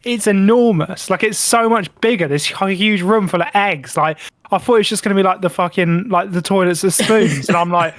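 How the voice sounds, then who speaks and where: Brief: male co-host, lively raconteur, swears a lot, a touch high, dry close sound. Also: a little fast, no room sound. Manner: animated, swears freely, acts out his own reactions. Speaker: podcast co-host. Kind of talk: casual storytelling banter.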